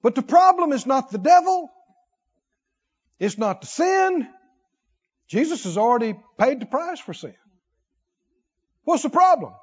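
A man preaching a sermon, animated, with call-and-response and comic asides. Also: very high voice, a little slow, pauses often, in a large hall, lo-fi sound.

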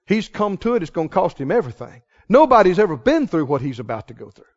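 A man preaching a passionate sermon, pressing his listeners with rhetorical questions and swinging from hushed tones to loud ones. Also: high-pitched, very animated, fast talker. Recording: reverberant hall, muffled sound.

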